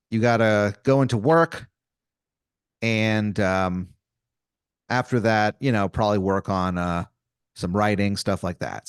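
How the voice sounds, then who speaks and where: A young man improvising a comic story on a podcast, rambling with many fillers and mock-dramatic pauses. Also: lowish voice, clear, resonant tone, no room sound, studio quality. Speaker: podcast co-host telling an improvised scenario.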